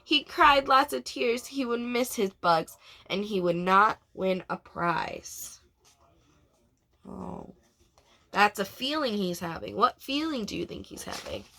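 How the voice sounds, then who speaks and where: A woman who works as a preschool teacher takes her time reading a storybook aloud, her voice medium-pitched. She reads with expression and asks the children questions.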